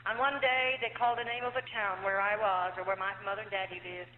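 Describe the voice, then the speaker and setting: A woman's voice: medium pitch, steady tone, brisk, a little hiss or hum. A woman from the United States telling her life story as a dramatic, emotional testimony in a church hall. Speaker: testimony speaker. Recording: tinny old recording in an echoey hall.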